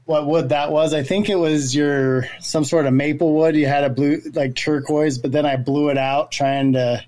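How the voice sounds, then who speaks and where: Male guest from North Florida, slightly high voice, relaxed and chatty. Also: normal speed. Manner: easygoing, chatty, laughs often. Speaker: podcast guest. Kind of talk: casual chat.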